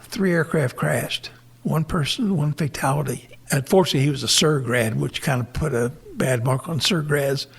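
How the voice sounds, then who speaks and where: Gravelly-voiced older man telling flight stories. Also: fairly high pitch, moderate pace. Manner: plain-spoken storyteller, acts out his own quotes. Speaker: guest, retired navy helicopter pilot. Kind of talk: recounting war stories in an interview.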